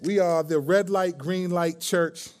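A man's voice: sits high, fairly even intonation, a little slow, a little mellow, slight background noise. A man preaching a conversational sermon as pastor, joking and telling stories with many restarts.

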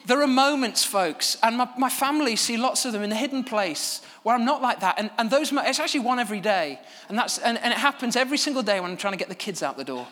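Animated preacher, bright high voice. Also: male voice, fast, few pauses, in a large hall. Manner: animated, self-deprecating storytelling. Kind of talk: sermon. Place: church stage.

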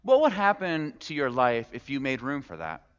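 A man's voice: mid-range voice, sing-song, moderate pace, fairly bright tone, clean tone. A man preaching a sermon as a pastor, speaking in a conversational way, posing rhetorical questions and slipping in casual humor. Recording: echoey hall, muffled sound.

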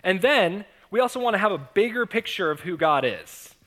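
A man's voice: high-pitched, normal speed. A man preaching to his congregation, telling a personal story with humor and frequent laughs, acting out the voices of the people in it. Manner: animated, self-mocking, laughs often. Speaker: pastor. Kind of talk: storytelling sermon.

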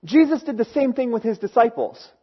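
A man with a fairly high voice preaches by telling a story, casual and animated, slipping into the voices of the people in it. The sound is slightly dull and muffled. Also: a little fast, breathy edge. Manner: animated, acting out characters, conversational. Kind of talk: storytelling sermon.

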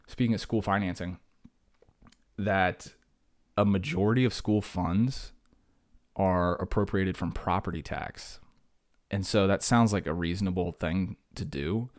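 A young adult man hosting a casual solo podcast, rambling and animated with self-mocking asides. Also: sits low. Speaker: podcast host.

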